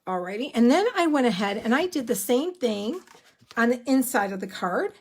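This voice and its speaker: A woman giving a live card-making tutorial, chatty and excitable, rambling a little as she works. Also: on the high side, moderate pace, husky.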